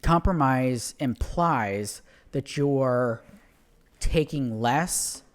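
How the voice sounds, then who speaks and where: Podcast co-host, man; mid-pitched voice, opinionated and emphatic, quick with a joke. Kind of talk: casual chat.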